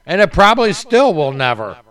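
A man's voice: sits high, sing-song, a little fast, fairly bright tone. A man hosting a podcast with crude, joking banter among friends. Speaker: podcast host. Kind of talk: casual banter.

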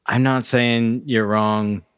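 A man co-hosting a movie review podcast, easygoing and quick to murmur agreement. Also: medium pitch, flat delivery, smooth, no echo, clean studio sound. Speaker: podcast co-host. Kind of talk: casual movie review chat.

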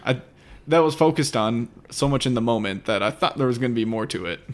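A man's voice: mid-range voice, animated, fairly quick. Dry-humored man in casual chat. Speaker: podcast co-host. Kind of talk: casual movie review chat.

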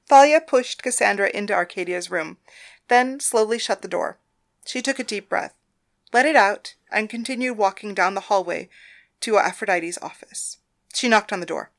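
A woman's voice: medium pitch, normal speed, creaky. Woman narrating a story.

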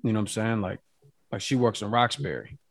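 A man, co-hosting a podcast, talking in a halting casual way. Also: on the low side, expressive, creaky. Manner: halting, restarts, fillers. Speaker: podcast co-host. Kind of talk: casual chat.

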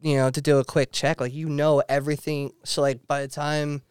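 A man's voice: on the high side, level tone, a little fast, a little mellow, clean tone, dry recording, studio quality. A man in casual chat who rambles through his point, full of "like" fillers.

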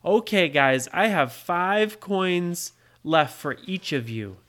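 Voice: medium pitch, animated, slow pace. A parent voicing a boastful, greedy young boy in a bedtime story told for a child. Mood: chatty. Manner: gloating, loud laughs.

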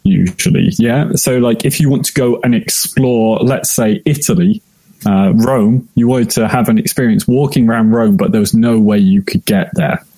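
British male guest, mellow voice, measured and hesitant. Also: lowish voice, no room sound. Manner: thoughtful, hesitant with many fillers. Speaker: podcast guest. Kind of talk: casual podcast discussion.

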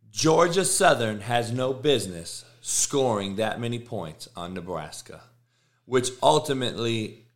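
A middle-aged man, host of a sports show, ranting casually and emphatically, swearing and repeating himself for effect. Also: lowish voice. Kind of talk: casual rant on college football.

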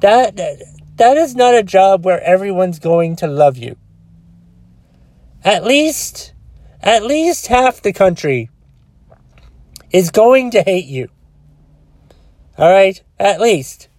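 A man's voice: sits high, big pitch swings, slow, pauses often, darkish tone, dry recording. A man ranting alone into his phone, exasperated and profane, rambling with frequent restarts. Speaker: solo podcaster. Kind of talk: casual rant.

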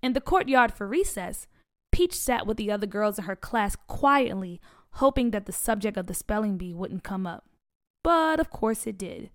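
A woman reading a children's story aloud in an expressive, animated way. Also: mid-range voice, normal speed.

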